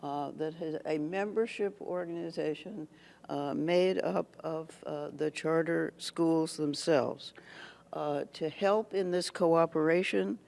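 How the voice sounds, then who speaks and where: A speaker delivering a prepared address to a schools association meeting, deliberate and halting with many pauses and restarts. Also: medium pitch, gravelly, a little mellow. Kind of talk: prepared public speech. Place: meeting hall at an annual meeting.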